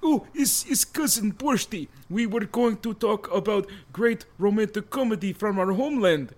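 A man's voice: high-pitched, normal speed. A man playing an eager, nervous male guest who stammers and repeats himself.

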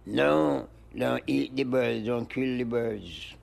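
An older man, an interview guest, rambling in slow looping phrases and breaking into high-pitched animal noises. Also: steady tone, gravelly, a little mellow. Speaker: interview guest, music producer. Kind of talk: rambling stream-of-consciousness chat.

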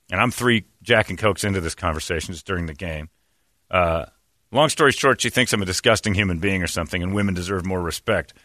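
A man's voice: low-pitched, quick pace, sharp tone, dry recording, clean studio sound. A man hosting a comedy podcast, ranting in a crude, sarcastic and emphatic way. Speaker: podcast host. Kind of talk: casual comedic rant.

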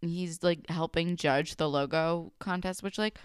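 A woman's voice: fairly low pitch, steady tone, measured pace, clear, resonant tone, dry recording, clean studio sound. A young woman co-hosting a casual recap chat, candid and sympathetic, swearing casually. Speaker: podcast co-host.

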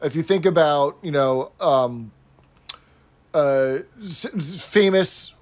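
A man talks casually as a podcast co-host, his voice sitting a bit higher than most men's. He explains things patiently, with fillers and restarts, and laughs easily. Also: takes it slowly. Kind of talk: casual chat.

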